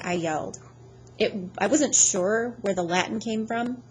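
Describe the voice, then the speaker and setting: Expressive woman reading an audiobook. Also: medium pitch, measured pace, husky, rough recording. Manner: lively expressive reading, voicing characters' shouts. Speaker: audiobook narrator.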